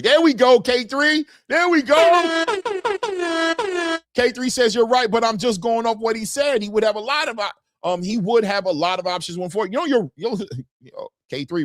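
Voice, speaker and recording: Animated man hosting a boxing livestream. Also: high voice, no echo, clean studio sound. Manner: animated, repetitive, slangy, laughs often. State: just woke up. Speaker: boxing talk livestream host. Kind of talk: casual livestream chat reading super chats.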